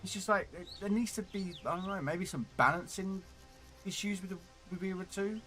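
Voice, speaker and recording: A man's voice: high voice, a little fast, sharp tone, faint music behind. A man streaming a tank game, chatting casually and rambling as he repeats words while thinking aloud, on a desktop condenser mic. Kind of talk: casual gameplay commentary.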